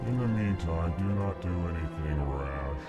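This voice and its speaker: An actor playing a formal alien male ambassador who speaks flatly and names his own feelings, from a game. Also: deep voice. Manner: flat, slow, announces his emotions. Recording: game audio over music.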